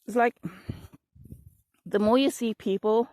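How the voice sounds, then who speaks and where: A woman's voice: a little high, unhurried, darkish tone, dry recording. Sarcastic woman, breathless from allergies. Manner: sarcastic, rambling, laughs at herself. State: short of breath, coughing from allergies. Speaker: vlogger. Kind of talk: casual storytelling while walking. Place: outdoors on a walk.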